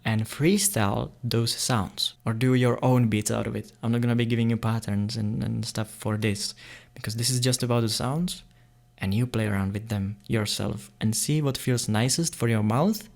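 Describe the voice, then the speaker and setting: A man's voice: mid-range voice, gravelly. Playful man explaining beatbox sounds. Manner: playful, excitable, laughs often. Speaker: beatbox tutor. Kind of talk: casual tutorial explanation.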